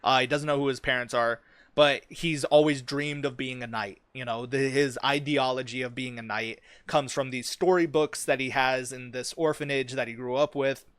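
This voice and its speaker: A young man talks loosely about his own fantasy world, peppering it with curse words, ums and likes. His voice sits at an ordinary middle pitch. The sound is dry and close, with no room around it. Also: steady tone, moderate pace, a bit bright, smooth, no room sound. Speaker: streamer and fantasy writer. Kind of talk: casual chat about a fantasy story.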